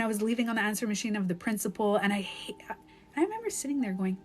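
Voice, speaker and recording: A woman's voice: medium pitch, expressive, very fast. A woman life coach talks into her phone during a live stream. She tells her story candidly and emotionally, peppering it with "like." Faint music plays behind her.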